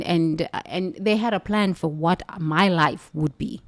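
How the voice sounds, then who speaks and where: A woman from the United States, a former nun, telling a spiritual story in an emphatic, animated way. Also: on the low side, unhurried, few pauses. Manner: animated, emphatic, laughs between lines.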